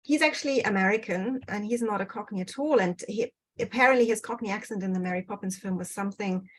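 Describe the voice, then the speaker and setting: Casting note: woman presenter, mid-pitch, hesitant, filler-heavy delivery, video-call audio. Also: fast, rough recording. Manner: hesitant, many fillers and restarts. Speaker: guest researcher. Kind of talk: online presentation. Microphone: computer mic on video call.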